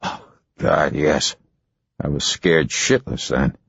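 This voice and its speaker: Male narrator as a rattled older ex-Marine husband, low and husky, halting, dry sound. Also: fairly bright tone, dry recording, dull audio, heavily acted. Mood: shaken.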